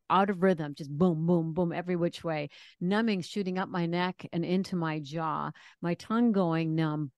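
Woman, author guest, vivid and earnest storyteller, slightly low pitch, dry recording. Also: a little mellow, no echo. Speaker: author and radio host. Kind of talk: faith interview, personal testimony.

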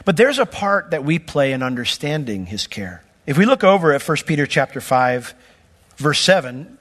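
A man's voice: a little high, very animated, moderate pace, fairly bright tone, long reverb tail. A man preaching an expository sermon, explaining scripture word by word with emphatic, conversational asides. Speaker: pastor. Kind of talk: sermon teaching.

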